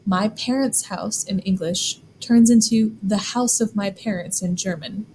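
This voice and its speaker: Clear, deliberate woman teaching German. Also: medium pitch, dark tone, a little hiss or hum, poor audio. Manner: clear, deliberate, spells out examples slowly. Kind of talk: scripted classroom explanation.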